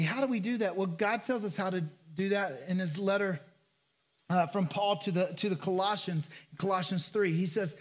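A man's voice: high-pitched, normal speed. A man preaching a sermon as pastor, in a conversational way with repeated phrases and rhetorical questions.

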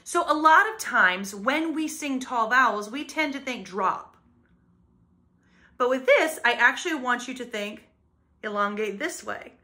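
A woman's voice: on the high side, animated, measured pace, sharp tone. A woman vocal coach explaining singing technique plainly, breaking off now and then to sing short demo lines. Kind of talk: singing lesson with sung demonstrations.

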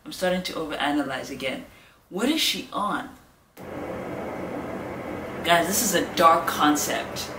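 Young woman, excited reaction vlog chat, gushing exclamations, echoey room, a bit off-mic. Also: sits low, measured pace, long pauses, recorded from a distance, background noise. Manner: gushing, exclaims often, chatty asides. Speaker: reaction video host. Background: music from the video.

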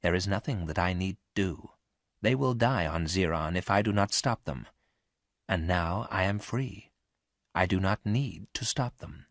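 Man doing a formal storybook robot, flat and exact, a touch higher than a low voice, dry close sound. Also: measured pace, no echo. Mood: musing. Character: calm male robot ship computer.

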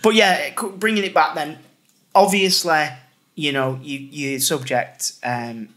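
A man's voice: fairly high pitch, fairly even intonation, a little slow, bright, forceful tone. A man hosting a podcast in casual chat, rambling and repeating words as he looks for his point. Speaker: podcast host.

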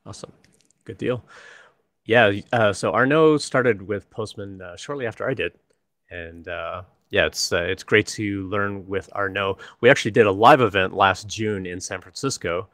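A man's voice: lowish voice, moderate pace, a bit bright, no echo. A man from the United States hosting a live stream over a video call, chatting in a friendly way with many fillers. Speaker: host, developer advocate. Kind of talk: casual live-stream chat.

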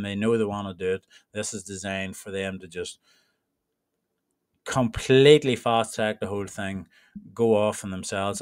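A man with an Irish accent talks through his online group in a relaxed, rambling way. His voice sits a little low, and the recording is dry and close. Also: clear, resonant tone, no room sound. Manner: rambling and informal, with restarts. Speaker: trading mentor. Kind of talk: casual screen-share walkthrough.

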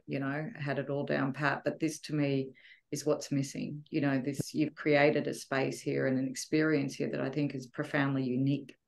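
A woman giving a heartfelt, emotional testimonial about a retreat, often pausing to search for words. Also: a bass voice, gravelly. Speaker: retreat guest.

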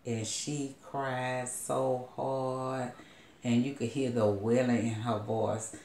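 Woman preacher with a gravelly, creaky voice, rambling storyteller, roomy echo. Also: very deep voice, level tone, takes it slowly, warm tone, slight background noise. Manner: loose rambling storytelling with asides. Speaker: prophetess. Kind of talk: retelling a story as a sermon.

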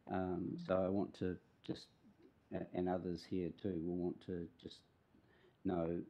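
A man with a New Zealand accent, a councillor, raising a concern in a halting way at a council meeting. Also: low-pitched, completely flat delivery, creaky, dark tone. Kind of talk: formal meeting remarks.

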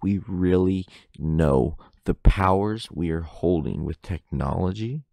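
A man's voice: sits low, takes it slowly, gravelly, mellow, dry recording. A young man rambling through a solo podcast at home on a close mic, interrupting himself and swearing casually. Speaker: podcast host. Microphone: close microphone in front of face.

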